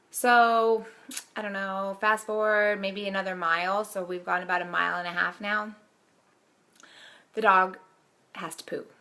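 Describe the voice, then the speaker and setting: A woman in her thirties chats to her viewers in a casual storytelling way, breaking into laughter as she goes. Her voice is bright with a gravelly edge. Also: medium pitch. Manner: laughs often while telling. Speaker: vlogger.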